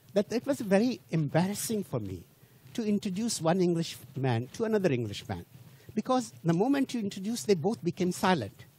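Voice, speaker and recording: An older man lecturing to a general audience, his first language Hindi. His fairly high voice carries a slight huskiness. He talks in an animated, wandering way, pausing to toss out rhetorical questions and restart his sentences. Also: husky.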